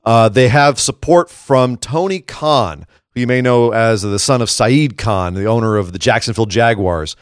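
Guy on a wrestling podcast, chatty and animated, mid voice, dry close mic. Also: mid-range voice, smooth, no echo. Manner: animated, quick asides, many restarts. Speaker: podcast co-host. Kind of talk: casual wrestling news chat.

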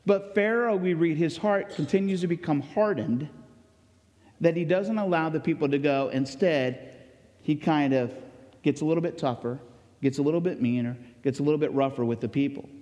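A man delivers a sermon in an earnest, conversational way, stopping for ums and restarts as he talks. His voice sits fairly high for a man. It rings with the long reverb of a large church hall. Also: moderate pace, darkish tone. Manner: earnest, conversational preaching with fillers. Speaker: pastor.

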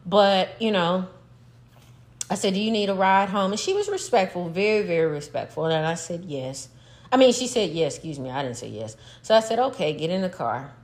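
A middle-aged woman telling a story in casual chat, animated and profane, breaking into laughter. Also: on the low side, fairly quick. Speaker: podcast co-host, mother.

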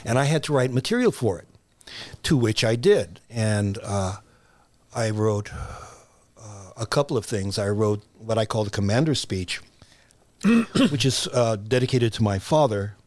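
A man's voice: fairly low pitch, animated, measured pace, darkish tone, dry recording. An older man, a playwright guest on an interview show, telling stories reflectively, with many fillers and restarts. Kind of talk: conversational interview.

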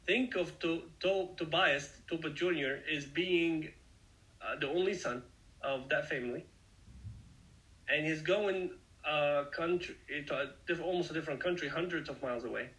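Guy preaching a bible study, kinda high voice, earnest, explains stuff, talks right to you. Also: moderate pace, a bit bright, low-quality recording. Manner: earnest, explanatory, addresses listeners directly. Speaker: Bible teacher. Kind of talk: conversational Bible study sermon.

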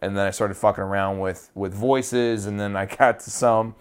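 A man's voice: on the low side, steady tone, normal speed, smooth. A man who is an actor, casually telling an interviewer a story, rambling with many fillers and restarts.

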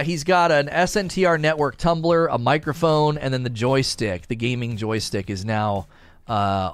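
A man chatting casually on a livestream, rambling and animated as he reads chat aloud. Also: mid-range voice, clear, resonant tone. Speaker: streamer reading chat.

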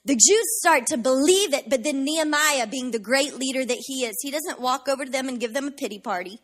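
A woman pastor preaching a sermon with passion, building up to shouted declarations of faith. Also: sits high, a little fast.

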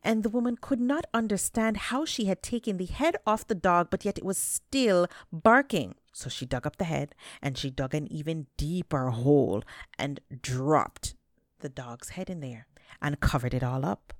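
Lively woman telling folk tales, lowish voice, dry mic, dramatic. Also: no echo. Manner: animated, dramatic, drawn-out words. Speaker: storyteller. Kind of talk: folktale storytelling.

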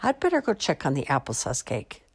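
A polite, nervous minister's wife apologizes in a hurry, as a woman reading aloud voices her. The voice is low and a little husky. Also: wildly swooping pitch, brisk, exaggerated voice. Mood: apologetic.

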